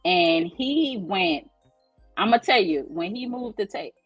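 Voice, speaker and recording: A woman's voice: medium pitch, lively intonation, slow pace, breathy edge, no room sound, soft background music. A woman guest from New Orleans with a New Orleans accent, telling stories in a casual chat and laughing often. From New Orleans, USA. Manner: conversational storytelling, laughs often.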